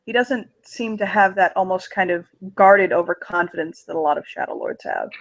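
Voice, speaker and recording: A game master narrating a tabletop game at a middling pitch. The descriptions come in halting bursts with frequent fillers. The tone stays conversational. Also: creaky, fairly bright tone, dull audio.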